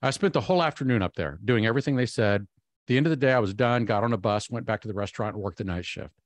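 A man giving a keynote speech, telling a personal story in an animated way and acting out his own inner voice. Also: on the low side, racing, no room sound. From Texas. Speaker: keynote speaker.

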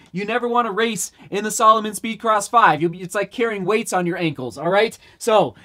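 A man excitedly talking in a casual running vlog, exclaiming and repeating phrases for emphasis. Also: high voice. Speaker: running vlogger.

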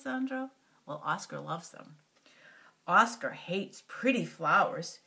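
An older woman reading a picture book aloud to a child, animated and stopping often to talk to the little one. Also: mid-range voice.

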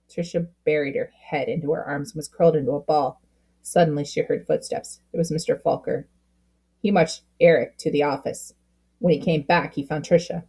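Lady reading a kids' story out loud, husky and kinda low, expressive. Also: brisk. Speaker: storybook reader. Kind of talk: reading a children's book aloud.

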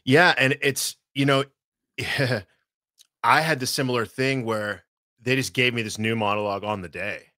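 A man from the United States, a guest actor in a casual interview, telling animated stories. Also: medium pitch, normal speed, dry recording, studio quality. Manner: animated storytelling, slips into impressions.

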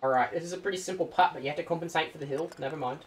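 A man's voice: rapid-fire, a little hiss or hum. Young man explaining his golf shots. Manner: explains his shots, laughs often, a bit higher voiced. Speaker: gaming channel co-host. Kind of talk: casual gaming banter.

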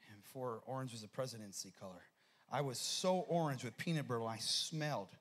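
A man preaching a sermon as pastor, telling a story with animated energy and frequent repeated words. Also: medium pitch, a little fast. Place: church sanctuary.

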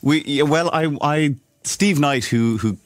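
A man, a guest actor, chatting casually in a radio interview, soft-spoken and hesitant, often restarting his sentences. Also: on the high side, measured pace, no room sound.

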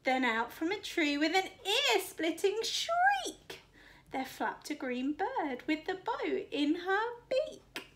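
High-voiced woman reading a storybook. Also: sing-song, slow pace, a bit bright. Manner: rhythmic, sing-song rhyming delivery. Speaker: teacher reading to children. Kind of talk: expressive storybook read-aloud.

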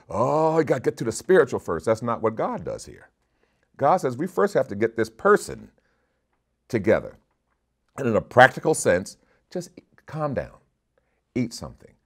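A male bishop preaching a sermon with a low voice full of lively swings in pitch. He drives his points home by repeating short commands.

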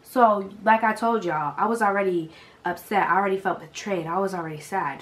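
A young woman vlogger telling a storytime, animated and slangy, speaking straight to her viewers. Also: medium pitch, brisk. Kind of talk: storytime vlog.

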